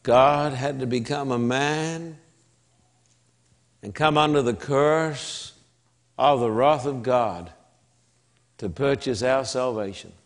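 An Australian man delivers a sermon in a mid-range voice. He speaks emphatically, repeats himself, and lets long pauses fall between his phrases.

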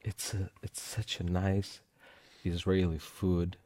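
A man in casual chat who speaks haltingly, often searching for words. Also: deep voice, flat delivery, warm tone.

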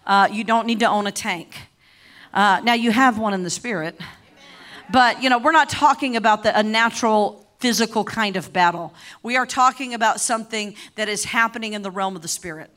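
A middle-aged woman preaching a sermon, impassioned and repeating herself often, rising to shouted declarations. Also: mid-range voice, fairly quick. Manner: repeats and restarts words often.

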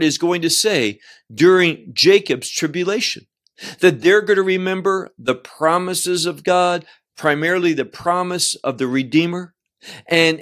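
Slow, earnest male Bible teacher. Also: on the high side, a bit bright. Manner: slow and deliberate, repeats words as he restarts.

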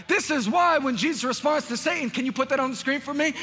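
A male pastor preaching a sermon in a large church, emphatic and repetitive, building up to shouts. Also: extremely high pitch, fast talker, few pauses, in a large hall, faint music behind.

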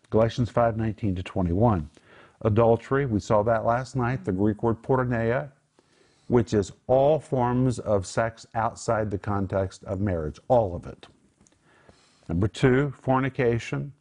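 A man's voice: medium pitch, measured pace, a little mellow. A man teaching from the Bible on a Christian talk show, earnest and emphatic, praying aloud for viewers.

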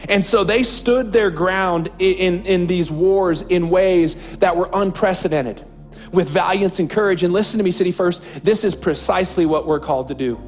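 A man's voice: sits high, normal speed, faint music behind. A man preaching a sermon as a pastor, impassioned and repeating phrases for emphasis.

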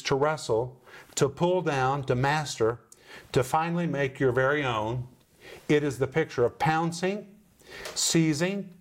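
Emphatic middle-aged man teaching the Bible. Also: mid-range voice. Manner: emphatic, slows down and stresses key words. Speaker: Bible teacher and program host.

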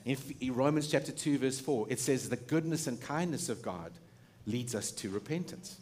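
Here a middle-aged man preaches as a pastor at a normal speed, his voice pitched in the mid range. The tone is animated and conversational, with plenty of laughter and sentences he begins again.

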